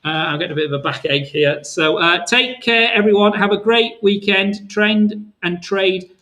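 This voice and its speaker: Chatty high-voiced man hosting a trading webinar. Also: normal speed, pushed and bright, low-quality recording. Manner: chatty, rambling, addresses viewers as "my friend". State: voice tiring.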